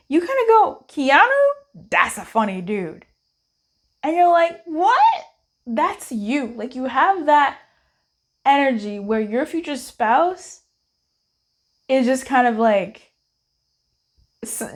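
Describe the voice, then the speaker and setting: A young woman giving a casual, playful tarot card reading, chatty and quick to laugh, calling her viewers babe. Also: a little high.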